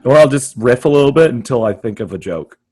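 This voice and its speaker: A man's voice: mid-range voice, expressive, fast, a little mellow, slightly rough. A young man co-hosting a comedy podcast, riffing crudely in casual banter with a friend. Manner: riffing, crude, jokey, puts on brief silly voices. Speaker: podcast co-host.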